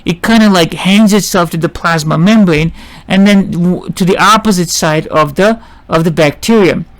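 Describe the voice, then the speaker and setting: A man teaching biology in a casual lecture, often restarting sentences, asking himself questions and checking in with his listeners. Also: high voice. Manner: halting, with many restarts and rhetorical questions; checks in with "see?" and "right?". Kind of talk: informal classroom lecture.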